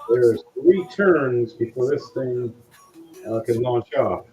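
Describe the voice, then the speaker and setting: Male game master narrating a tabletop game casually, slightly dull recording with soft music. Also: mid-range voice, lively intonation, slow pace. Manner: loose, casual, with frequent fillers.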